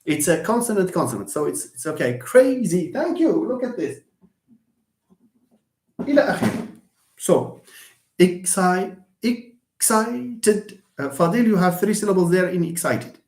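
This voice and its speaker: An English teacher talks through a live online lecture at a middle pitch, patient and chatty. The voice draws words out slowly and breaks into easy laughs. The sound is roomy, with the echo of a bare space around it. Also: sing-song, darkish tone. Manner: laughs often and answers students by name.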